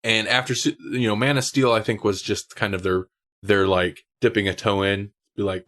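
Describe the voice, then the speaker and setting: A man co-hosts a podcast in a fairly low, slightly bright voice at normal speed. It's casual chat, and he laughs a lot.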